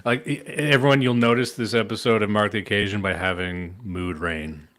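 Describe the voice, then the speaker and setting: A man from Canada, co-hosting a podcast in a dry, deadpan, joking way. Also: fairly low pitch, normal speed. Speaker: podcast co-host. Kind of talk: casual chat.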